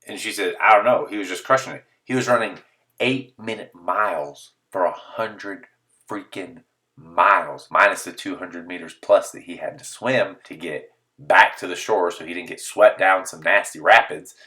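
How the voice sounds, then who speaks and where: A man's voice: sits low, normal speed, distant mic. A man telling a comedic story in a monologue, full of exaggerated disbelief and acted-out quotes. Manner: animated, exaggerated disbelief, acts out quoted voices.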